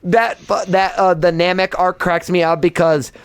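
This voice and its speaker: A young man hosting a podcast in casual chat, ranting in an animated, profane way. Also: high-pitched, normal speed, clear, resonant tone. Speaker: podcast host.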